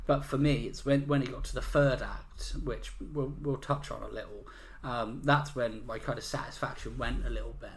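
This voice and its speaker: A man's voice: medium pitch, fairly even intonation, normal speed, hardly any pauses. A man co-hosting a podcast, easygoing and agreeable as he gives his take on a film. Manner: easygoing, agreeable, short backchannels. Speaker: podcast co-host. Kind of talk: casual film review chat.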